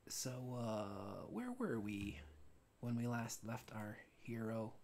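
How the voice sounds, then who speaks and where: A man live streaming while he animates, telling a casual story with many restarts and frequent throat clearing. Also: on the low side, very animated, slow pace, darkish tone, slight background noise. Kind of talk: rambling casual anecdote.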